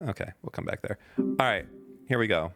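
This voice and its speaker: Sarcastic man with a gravelly voice. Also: lowish voice, expressive, brisk, over music. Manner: sarcastic, mocking, many fillers. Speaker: podcast host. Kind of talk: casual chat, reading tweets aloud.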